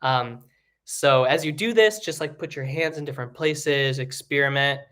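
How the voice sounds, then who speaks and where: A man teaching singing in a casual, rambling way, with many fillers and restarts, breaking into high sung examples. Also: moderate pace, a bit bright. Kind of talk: live online singing lesson.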